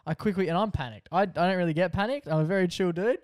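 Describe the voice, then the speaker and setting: Young aussie guy telling a story on a podcast, kinda high voice, laughing a lot, dry close sound. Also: fast talker, dry recording. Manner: animated, laughs often, acts out quotes. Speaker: podcast co-host. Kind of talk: casual storytelling chat.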